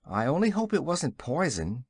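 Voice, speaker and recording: A man's voice: on the high side, big pitch swings, moderate pace, slightly rough, no echo, heavily acted. Brief: young girl, straightforward and earnest, lightly voiced by a male narrator, dry close sound. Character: young girl, plain-spoken and brave.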